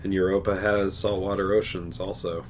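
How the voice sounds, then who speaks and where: A man's voice: low-pitched, flat delivery, normal speed, a little hiss or hum. A man co-hosting a podcast, chatting casually, agreeable, giving frequent short yeahs and plain explanations. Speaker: podcast co-host. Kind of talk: casual chat.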